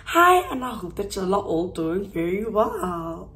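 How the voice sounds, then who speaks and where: A young woman from South Africa chatting casually to her phone camera at home while getting ready, her voice hoarse and half gone, rambling and correcting herself with little laughs. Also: mid-range voice, very animated, unhurried, a bit bright. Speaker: YouTuber vlogging. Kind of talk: casual vlog chat to camera. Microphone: phone on a tripod.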